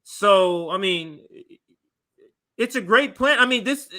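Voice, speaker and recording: Male co-host, high and very bright voice, halting and thinking aloud. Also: expressive. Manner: restarts a lot, thinking aloud. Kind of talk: casual political chat.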